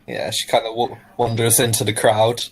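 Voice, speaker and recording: A man playing a tabletop game, describing his character's actions in a halting way full of fillers. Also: fairly low pitch, completely flat delivery, husky. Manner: hesitant, halting, full of "kinda" and "like". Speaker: player.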